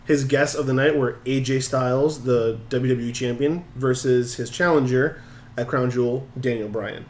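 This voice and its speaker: A man co-hosting a casual chat show, recapping wrestling in an animated way and acting out quotes. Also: medium pitch, normal speed, reverberant, slight background noise. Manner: animated, acts out quotes with laughs. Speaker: podcast co-host.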